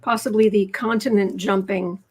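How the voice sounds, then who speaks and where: A woman co-hosting a casual political tarot livestream, chatty and quick to laugh. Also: medium pitch, steady tone, darkish tone, slightly rough. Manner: chatty, laughs easily, talks with her mouth full. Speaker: tarot reader co-host.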